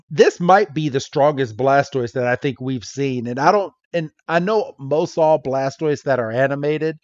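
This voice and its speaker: A man's voice: medium pitch, no echo, lo-fi sound. A man co-hosting a podcast, chatting casually and laughing often as he recaps a cartoon episode. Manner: laughs often, animated, says "bro". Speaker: podcast co-host.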